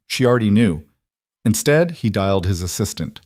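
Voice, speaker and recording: Guy reading a dramatic story, steady and even, lowish voice. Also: normal speed, dry recording, clean studio sound. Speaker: narrator. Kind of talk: scripted story narration.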